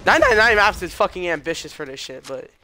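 A young man streaming a shooter game, reacting loudly, swearing often and yelping when surprised. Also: high voice, a little fast, no echo, faint music behind. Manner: excitable, swears a lot, yelps and shouts in reaction. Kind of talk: live gameplay commentary.

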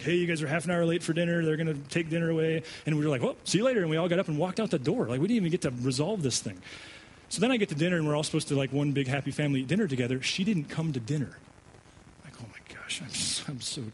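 A male pastor preaching a sermon, telling a personal story with animated delivery and frequent stammered restarts. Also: on the high side, slight background noise, poor audio. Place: church sanctuary.

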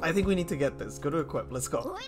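Animated man streaming a game. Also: a little high, fast. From Colombia. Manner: excitable, chatty, self-mocking, talks to chat. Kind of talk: casual live-stream gameplay commentary. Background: faint game music.

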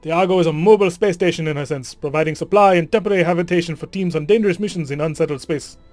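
A man plays a chatty, proud woman engineer with a wobbly put-on accent. The voice is high and dry, and faint music sits behind it. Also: rapid-fire, darkish tone, dry recording, natural voice. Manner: attempted accent, awkward.

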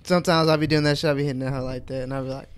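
A man's voice: medium pitch, fairly even intonation, rapid-fire, noisy background. A young man co-hosting a podcast, chiming in with blunt, slangy remarks in casual chat. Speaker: podcast co-host.

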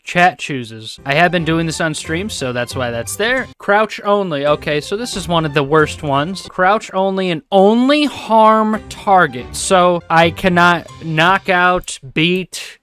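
Bright-voiced excitable male gamer. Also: high-pitched, measured pace, few pauses, soft background music. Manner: excitable, swearing, joking to himself. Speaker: gaming video host. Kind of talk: gameplay commentary.

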